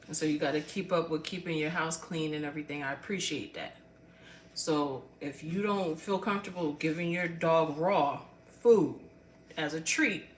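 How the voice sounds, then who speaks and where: Older woman, chatty livestream host, lower voice, roomy off-mic phone sound with faint noise behind. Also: recorded from a distance. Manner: chatty, talks straight to viewers. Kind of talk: casual livestream chat.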